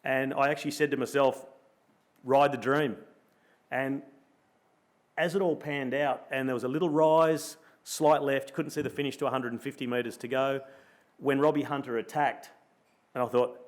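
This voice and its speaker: A middle-aged Australian man, a former pro cyclist, telling a lively story at a luncheon and acting out his own thoughts as he goes. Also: medium pitch. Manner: animated storyteller, acts out his own thoughts in quoted asides. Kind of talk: storytelling in a live interview. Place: luncheon event room.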